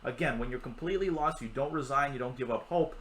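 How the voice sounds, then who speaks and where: Bright-voiced man commentating chess live. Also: medium pitch, fast, slight background noise, low-quality recording. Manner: chatty, jokey, answers chat while teaching. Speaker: chess grandmaster and streamer.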